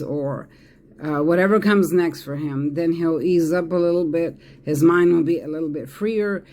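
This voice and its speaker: A man's voice: on the high side, a little mellow. A man giving a casual tarot reading, talking emphatically and repeating himself with fillers and restarts. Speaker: tarot reader.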